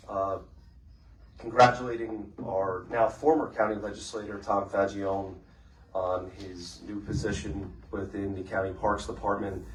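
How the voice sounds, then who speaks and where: A man presiding over a city council meeting, calling votes and making announcements in a brisk, businesslike way with casual fillers. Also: on the low side. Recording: echoey chamber from far off, faint noise.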